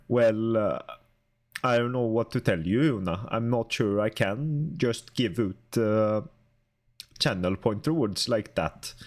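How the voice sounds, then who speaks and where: A young man streaming and chatting casually with his viewers, halting and talkative as he answers chat aloud. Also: on the low side.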